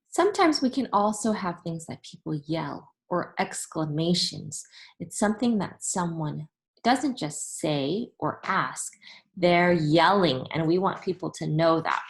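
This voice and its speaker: A woman's voice: on the low side, low-quality recording. Patient woman teacher explaining grammar. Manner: patient and deliberate, repeats and rereads examples aloud; addresses students directly and warmly as scholars. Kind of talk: recorded remote classroom lesson.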